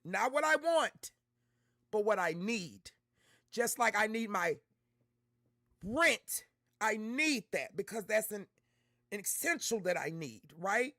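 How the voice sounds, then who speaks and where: A woman's voice: medium pitch, lively intonation, takes it slowly, pauses often, a bit bright, no room sound, studio quality. A woman hosting a casual livestream, talking candidly and from the heart to her chat in slangy everyday speech. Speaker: livestream host reacting to content.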